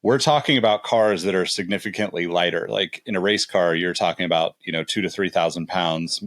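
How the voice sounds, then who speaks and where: A man's voice: deep voice, a little fast, fairly bright tone, no echo, clean studio sound. A man co-hosting a podcast, explaining things in a casual way with many fillers. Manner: explanatory, lots of "you know". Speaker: podcast co-host.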